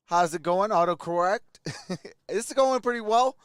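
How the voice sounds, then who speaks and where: A man hosting a casual live stream with a hoarse, worn-out voice, who greets viewers one by one and laughs often. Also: sits high, measured pace, dry recording, clean studio sound. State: hoarse, voice nearly gone. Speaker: livestream host.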